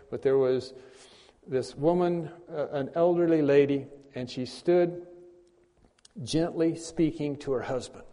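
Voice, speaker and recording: A male pastor preaching an earnest sermon, dropping to soft, tender passages and rising to loud, emphatic peaks. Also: fairly high pitch, big-room sound.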